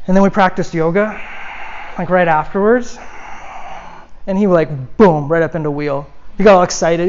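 A woman teaching a yoga class, giving calm step-by-step cues and chatting casually with lots of "like"s. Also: on the low side, moderate pace, long pauses, slight background noise. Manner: calm cueing with casual asides, many "like"s. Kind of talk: guided yoga class instruction. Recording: dull lo-fi sound.

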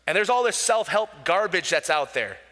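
Male pastor, bright forceful tone, animated sermon delivery, long church-hall reverb. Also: high-pitched, moderate pace. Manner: animated preaching, acting out voices, swings from loud to quiet.

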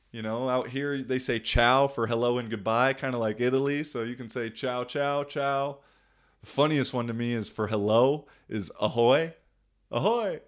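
A young man talking casually in a loose, slangy way, laughing often as he tells stories about living abroad. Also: mid-range voice. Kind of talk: casual vlog monologue.

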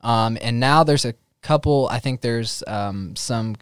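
A man's voice: mid-range voice, unhurried, clear, resonant tone, no echo, clean studio sound. A young man from Northwest Missouri co-hosting a casual podcast, laughing often and restarting his sentences. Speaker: podcast co-host.

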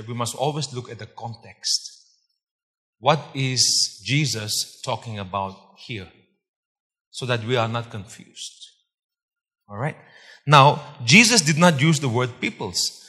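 A man's voice: medium pitch, fairly bright tone, breathy edge. A man preaching a sermon to a congregation, emphatic, repeating key points and quizzing his listeners. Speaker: pastor. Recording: long hall reverb.

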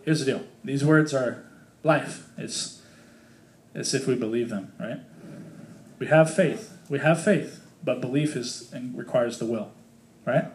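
A man's voice: medium pitch, unhurried, slight background noise. A man leading a casual Bible study for a small group, reading scripture aloud and explaining it in a chatty, joking way with many fillers.

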